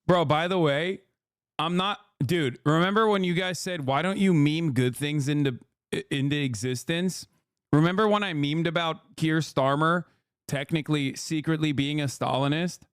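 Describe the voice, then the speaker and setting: A man's voice: fairly high pitch, normal speed, clear, resonant tone, dry recording, clean studio sound. A man, streaming and riffing in a rambling, profane, joking way over clips. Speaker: streamer host. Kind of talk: live-stream reaction commentary.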